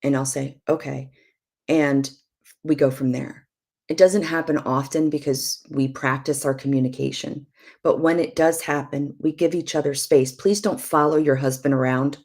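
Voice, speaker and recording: A middle-aged woman giving emphatic, preachy marriage advice on a live stream, with soft asides now and then. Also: low-pitched, fairly even intonation, normal speed. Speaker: prophetess and show guest.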